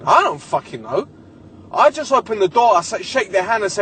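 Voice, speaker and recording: A young man rants through a comic story as a solo podcast host, swearing freely and sounding exasperated. His voice sits high and swings widely in pitch as he talks. A faint noise hums in the background. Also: sing-song, a little fast, fairly bright tone.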